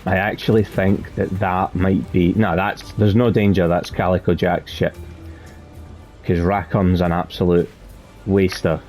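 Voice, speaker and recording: A man with a deep, warm voice hosts his gaming channel and comments as he plays. He talks in a loose, chatty way, circling back and correcting himself mid-sentence. Soft music sits quietly under his voice. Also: flat delivery, a little slow. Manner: chatty, rambling, self-correcting. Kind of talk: let's play commentary.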